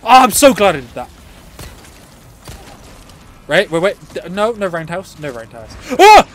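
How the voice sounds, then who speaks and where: Brief: man, very high voice with big swings, excitable let's play host, yells and curses, laughs a lot. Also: a little slow. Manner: excitable, yelling and swearing at the game; chatty asides to viewers, frequent laughter. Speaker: gaming channel host.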